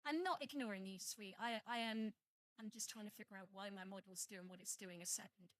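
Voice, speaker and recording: A woman's voice: medium pitch, brisk, dry recording. A young British woman streaming live, rambling casually to her viewers and swearing at her computer. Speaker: VTuber streamer.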